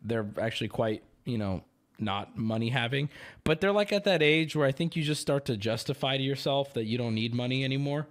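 A man's voice: mid-range voice, lively intonation, a little fast. A man hosting a livestream, chatting casually to his audience in a profane, ranting, sarcastic way and drifting into rambling stories. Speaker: livestream host.

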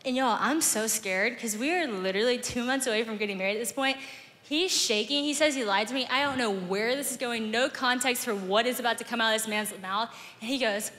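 A young woman gives a sermon from a church stage. She tells her story animatedly and acts out the dialogue herself, in a high, bright, ringing voice. The long reverb of a large auditorium trails behind every phrase. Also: fairly quick, a little hiss or hum. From Southern United States. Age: young adult. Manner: animated, acts out both sides of conversations. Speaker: guest speaker.

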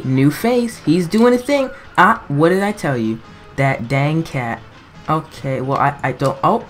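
A woman giving rambling, self-mocking gameplay commentary, breaking into frantic yelps when things go wrong. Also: deep voice. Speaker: gaming commentator.

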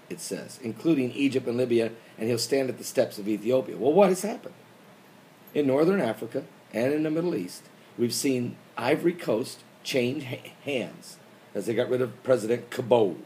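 A man hosting a prophecy commentary show, preaching with emphasis and bursting into shouts. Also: medium pitch, lively intonation, normal speed, a little hiss or hum.

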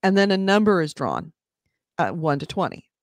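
Female co-host, lively pitch, mock-outraged ranting, dry close mic. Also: normal speed, no room sound. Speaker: podcast co-host. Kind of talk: casual chat.

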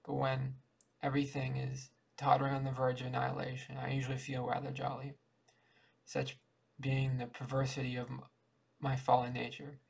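Gravelly, flat-voiced man reading a story. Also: medium pitch, poor audio. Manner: halting, with restarts mid-word. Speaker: audiobook reader. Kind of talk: amateur reading aloud of a short story.

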